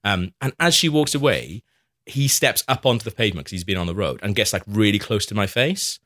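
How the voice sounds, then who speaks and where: Young guy, low-ish bright voice, spins a story with lots of pitch swings. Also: a little fast, no room sound, clean studio sound. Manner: animated anecdote-telling, laughs often, acts out quotes. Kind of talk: casual chat, storytelling.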